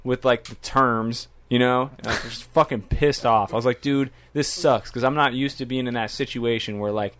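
Young man, laid-back profane storytelling, lots of fillers, mid-low voice. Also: steady tone, normal speed, few pauses, a bit bright, a little hiss or hum. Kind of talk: casual profane banter.

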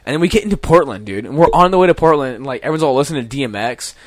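Fast-talking young guy telling a rowdy story. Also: mid-range voice, expressive, dry recording, clean studio sound. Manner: rambling, profane, laughing storytelling with many restarts. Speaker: guest storyteller. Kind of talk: casual podcast chat.

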